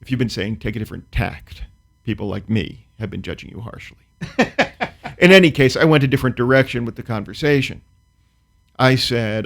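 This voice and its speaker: A man speaks at an ordinary mid-range pitch, a comedian telling a story with dry precision. His phrasing is wry and measured, and he shifts easily into relaxed chat about his work. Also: gravelly. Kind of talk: performed comic storytelling; casual talk-show chat.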